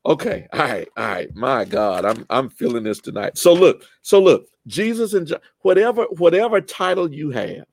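A man leading a church Bible study, animated and lively, often rising in pitch and restarting his sentences. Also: normal speed, vocal fry, hardly any pauses.

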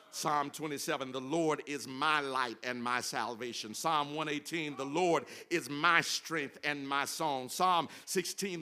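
A man's voice: a little high, pushed and bright. A man preaching a sermon in a church, building to fervent, half-sung phrases. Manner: preaching with rising fervor and sung, chanted phrases. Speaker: pastor. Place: church sanctuary.

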